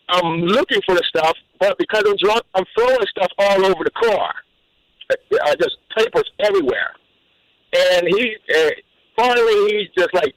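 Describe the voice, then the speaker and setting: Guy calling into a radio show, high voice, tells his story all animated, dry close sound. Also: dry recording, low-quality recording. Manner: animated storyteller, repeats words. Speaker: caller. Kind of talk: telling a personal story on call-in radio.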